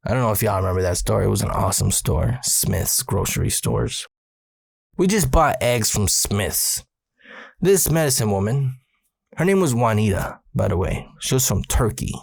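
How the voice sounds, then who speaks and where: A man's voice: mid-range voice, gravelly, dry recording, studio quality. A man in his forties, a podcast host, casually retelling a personal ghost story with plenty of swearing. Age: 40s.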